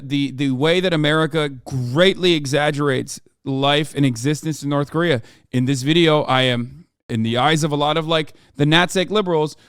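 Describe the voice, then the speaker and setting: A man in his thirties rants at his live chat, cursing freely and breaking into loud yelling. His voice sits high and comes through smooth and resonant. It is recorded close and dry. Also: dry recording. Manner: profane, ranting at chat, swings to yelling. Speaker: streamer. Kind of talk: live stream reaction and chat rant.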